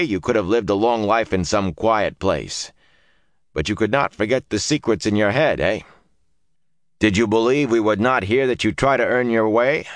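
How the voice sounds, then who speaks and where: A man's voice: lowish voice, no room sound, pitched above the performer's own voice, natural voice. A man voicing a menacing guild thug with a strange foreign way of speaking, mocking and gloating. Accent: strange foreign-sounding speech.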